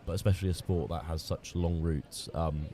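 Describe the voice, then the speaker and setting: A young man with a low, mellow voice co-commentates at an outdoor rowing regatta, speaking a little fast in a steady tone. His casual live commentary rambles along with plenty of fillers. The outdoor mic clearly picks up crowd noise.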